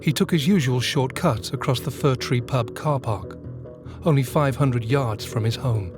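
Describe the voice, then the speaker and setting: A man giving measured, serious scripted documentary narration. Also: mid-range voice. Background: music.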